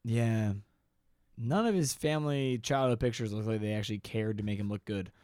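A man's voice: fairly low pitch, normal speed, darkish tone, no room sound, clean studio sound. A man co-hosting a podcast, chatting casually with sarcastic jokes and frequent swearing. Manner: sarcastic, swears freely, slips into mock voices. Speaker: podcast co-host.

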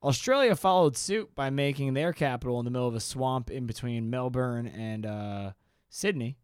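A man's voice: mid-range voice, moderate pace, clean tone, no echo, studio quality. A man co-hosting a podcast, chatting casually with sarcastic jokes and frequent swearing. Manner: sarcastic, swears freely, slips into mock voices. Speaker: podcast co-host.

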